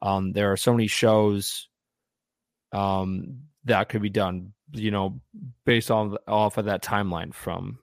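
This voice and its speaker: A man's voice: fairly low pitch, steady tone, takes it slowly, creaky, dry recording, clean studio sound. A man chatting casually as a podcast co-host, rambling with frequent restarts and fillers. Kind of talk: casual fan chat.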